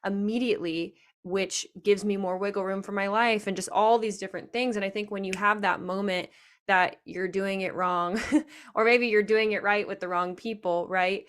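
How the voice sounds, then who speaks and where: A woman's voice: medium pitch, fairly even intonation, moderate pace, fairly bright tone, clear, resonant tone. Chatty woman podcast host. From Nebraska. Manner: chatty, reflective, many fillers. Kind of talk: casual podcast chat.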